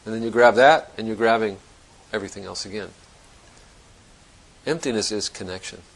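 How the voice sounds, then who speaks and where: A man's voice: on the low side, moderate pace, vocal fry, a little hiss or hum, low-quality recording. A man giving a Zen dharma talk to students, thinking aloud in a reflective, conversational way and often restarting his sentences. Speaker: Zen teacher.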